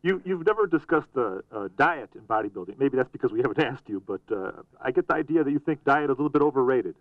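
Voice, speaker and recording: A man's voice: mid-range voice, expressive, fast, no echo. Man asking questions over a distant tinny line. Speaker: interviewer. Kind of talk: radio interview.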